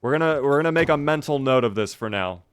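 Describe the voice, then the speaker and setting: A man's voice: mid-range voice, lively intonation, fast talker, clear, resonant tone, no room sound. A man giving casual, jokey live-stream commentary over a game, chatting with and thanking his viewers.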